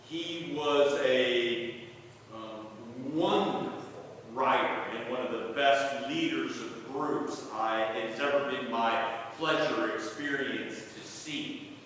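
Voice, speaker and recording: A male pastor preaches slowly and deliberately, giving weight to each phrase. His voice carries a long, echoing reverb through the church sanctuary. It is picked up by a distant mic, with soft room ambience behind him. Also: mid-range voice, slight background noise. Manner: measured, reading scripture aloud with emphasis. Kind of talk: sermon. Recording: echoey church from far off.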